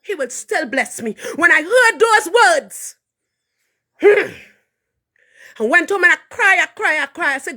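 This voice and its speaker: A woman with a Trinidadian accent who is a minister, giving an impassioned live testimony with fervent, preaching delivery that rises to shouts. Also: very high voice, expressive, unhurried. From Trinidad and Tobago. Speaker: minister and hairdresser.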